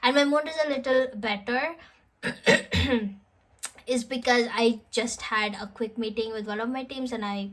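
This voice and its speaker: A woman's voice: a little high, measured pace, poor audio. A young woman telling a personal story in a casual, emotional vlog, often laughing as she talks. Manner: chatty, emotional, laughing between words. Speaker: vlogger.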